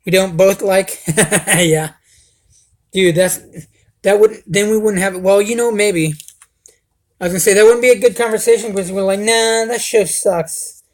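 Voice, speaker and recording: A man's voice: high-pitched, fairly even intonation, normal speed, long pauses. A young man hosting a casual livestream, rambling and swearing, calling everyone dude. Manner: rambling, profane, says dude a lot. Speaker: livestream host.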